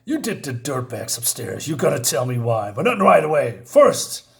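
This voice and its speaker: A man's voice: mid-range voice, very animated, moderate pace, creaky. A man reading a grim, menacing male vigilante's lines in a clipped, threatening way.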